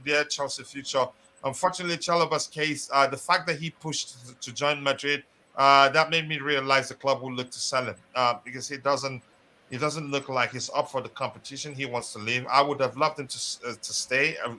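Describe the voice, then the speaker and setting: Bright-voiced man hosting a football chat. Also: on the high side. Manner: rambling, halting, many fillers and restarts. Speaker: host. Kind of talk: casual live football chat.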